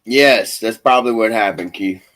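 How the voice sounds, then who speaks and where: A man's voice: fairly low pitch, normal speed, a bit bright, poor audio. A man co-hosting a live stream, joking and teasing in casual chat. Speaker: stream co-host.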